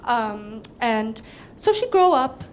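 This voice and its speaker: A woman's voice: fairly high pitch, big pitch swings, slow pace, slight background noise. A young woman doing stand-up, telling a story with casual swearing and frequent giggles. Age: young adult. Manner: giggly, breaks into laughter. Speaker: comedian.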